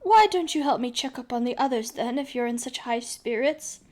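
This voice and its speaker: A woman's voice: fairly high pitch, moderate pace, a little mellow, lightly acted. A woman voicing a game contestant in a plain, dry-humored reading.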